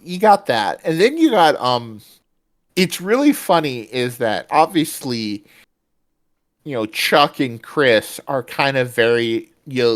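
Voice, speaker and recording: A man co-hosting a podcast in casual chat, rambling with plenty of fillers and restarts. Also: medium pitch. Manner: rambling, many fillers, does quick mock voices. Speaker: podcast co-host.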